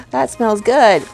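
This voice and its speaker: A middle-aged woman chatting casually as she unboxes giveaway gifts, gushing with excited oohs and soft gasps. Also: fairly high pitch, creaky. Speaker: vlogger unboxing a giveaway box.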